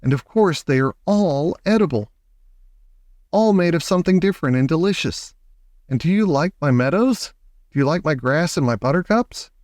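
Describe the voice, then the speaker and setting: A man voicing an eccentric, excitable male chocolate maker who talks in a gushing, showy way. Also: normal speed, no echo, clean studio sound, natural voice. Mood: delighted. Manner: gushing, showy, high and bouncy.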